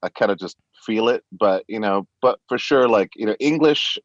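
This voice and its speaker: A man's voice: lowish voice, normal speed, dull audio, a loud crowd. A man guesting on a podcast, chatting casually and playfully, laughing often and sliding in and out of put-on accents. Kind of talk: casual interview chat.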